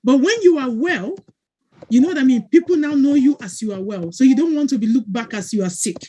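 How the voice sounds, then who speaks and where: A woman's voice: sits high, lively intonation, brisk, warm tone. A woman, a wellness coach giving an earnest, emotional testimonial on a video call and often checking that listeners follow.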